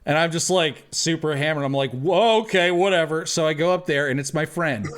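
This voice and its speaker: A young man telling a funny story to friends in casual chat, animated, laughing as he goes. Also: a little high, a little fast, noisy background. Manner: animated anecdote with laughing asides and acted quotes. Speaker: tabletop game player.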